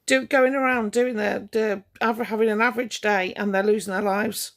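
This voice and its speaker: A woman livestreaming, bluntly cross and sarcastic as she reads and answers her chat. Her voice is mid-pitched with a gravelly, creaky edge. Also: fairly even intonation, moderate pace. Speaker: livestream host. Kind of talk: ranting livestream talking to chat.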